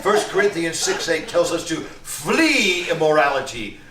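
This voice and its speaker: An actor playing a prim, nearly blind pastor who quotes scripture, in a live stage comedy. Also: male voice, on the high side, big pitch swings, unhurried, pushed and bright, exaggerated voice. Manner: prim, preachy, hesitant. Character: nearly blind, pious, fussy male pastor. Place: community theatre stage. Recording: echoey hall, far from mic, noise.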